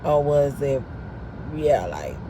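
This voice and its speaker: A woman's voice: a bass voice, very animated, takes it slowly, dark tone, slight background noise. A woman vlogging in a chatty, candid way while sitting in her car, with lots of fillers. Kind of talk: casual chat, talking while driving.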